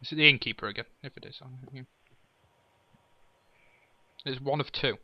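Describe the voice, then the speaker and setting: A man's voice: mid-range voice, normal speed, no room sound, lo-fi sound. A man chatting casually while playing a game with a friend, reading game text aloud and laughing often. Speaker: gamer. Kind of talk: casual let's play chat.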